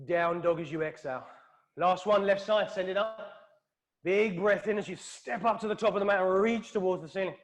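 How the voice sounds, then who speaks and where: A British man with a high voice leads a flowing yoga class. He calls out poses in time with the breath, calm and steady, in a studio. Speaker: yoga instructor. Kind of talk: guided yoga class cues.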